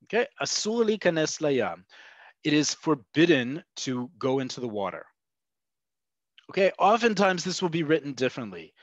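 A man's voice: fairly high pitch, sing-song, moderate pace, dry recording. A man teaching a language in an online webinar, explaining step by step and often checking in with "okay" and "right?". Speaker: Hebrew teacher. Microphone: video call. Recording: dull, lo-fi webinar audio.

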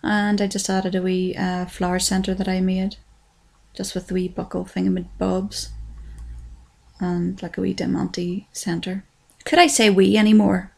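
Speaking a little slowly in a fairly low voice, a woman from Ireland does a casual voice-over for her craft tutorial. Her delivery is flat in intonation with a gravelly fry, and she's chatty and self-deprecating, using "wee" a lot.

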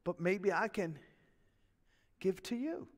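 Man, pastor, sermon, high voice, folksy chatty asides, reverberant church hall. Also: slow. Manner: folksy, animated preaching with chuckles and asides. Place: church sanctuary.

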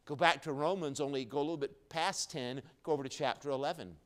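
A man's voice: fast, hardly any pauses. Man preaching with wide volume swings. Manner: preaching with wide swings in loudness, low and quiet then rising strongly. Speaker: pastor. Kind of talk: sermon. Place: church sanctuary, recorded live.

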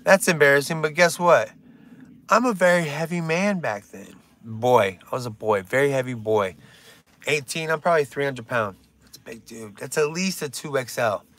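A man's voice: medium pitch, normal speed, fairly bright tone. A young man doing rambling stand-up on a live stream, swearing often and drifting into silly bits. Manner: rambling, swears a lot, breaks into silly songs.

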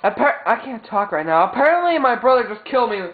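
A man chats his way through a video game session in rambling, stumbling commentary, often restarting his sentences. The sound is tinny and phone-like, bouncing around an echoey room. Loud game music plays under his voice. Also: very high-pitched, big pitch swings, quick pace. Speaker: gameplay commentator. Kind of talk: casual gameplay commentary.

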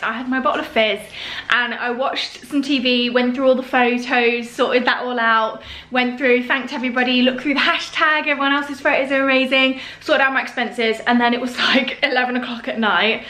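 A woman's voice: a little high, sharp tone. A young woman talking to camera in a casual, chatty, giggly way. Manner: chatty and giggly, rambling, self-mocking. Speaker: lifestyle vlogger. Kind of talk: casual vlog chat to camera.

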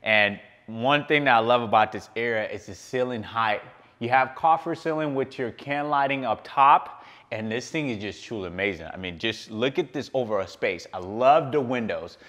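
A man's voice: mid-range voice, moderate pace, a bit bright. A man working as a real estate agent, walking through a large home on a tour and praising each room with frequent fillers. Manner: enthusiastic, lots of fillers and repeated praise. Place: large furnished home, indoors.

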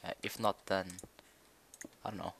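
A man's voice: low-pitched, little pitch movement, a little slow, creaky, fairly bright tone, a little hiss or hum. A young man chatting casually while he plays a building game, rambling and hesitant with many fillers. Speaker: gaming video creator. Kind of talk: casual Minecraft commentary.

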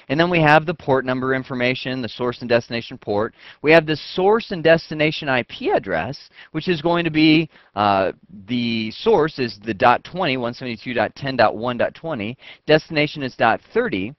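A man teaching computer networking step by step, acting out what each computer says in quick asides, on a close mic. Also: mid-range voice, lively intonation, dry recording. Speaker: networking instructor. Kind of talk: screen-recorded technical lesson. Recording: dull, dry lo-fi voice track.

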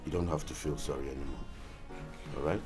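A weary, very deep father. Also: a little fast. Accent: Nigerian. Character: weary father recovering, very hungry. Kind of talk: film drama acting. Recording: film audio with music behind.

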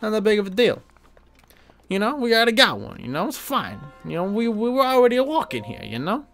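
A man's voice: high voice, very animated, fairly quick, a bit bright, soft background music, pitched above the performer's own voice, full character voice. A man putting on a New York accent to play a shrugging tough guy, punchy and dismissive. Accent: New York, put on.

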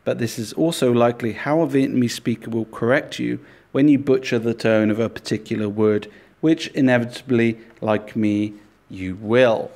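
A man teaching a language lesson, speaking deliberately and repeating example words for learners. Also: medium pitch, a little mellow.

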